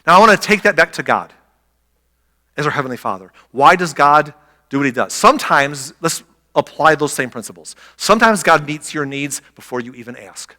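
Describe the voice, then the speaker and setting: Animated middle-aged pastor, bright voice. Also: male voice, on the high side, fairly quick, big-room sound. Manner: animated storytelling, acts out quotes. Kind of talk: sermon. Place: church sanctuary.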